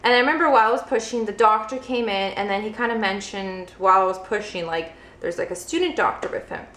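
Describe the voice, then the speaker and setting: Speaking fast with a fairly bright, medium-pitched voice, a young mom who vlogs recounts something from her own life. She's chatty and keeps dropping in "like," and the room gives off a noticeable echo.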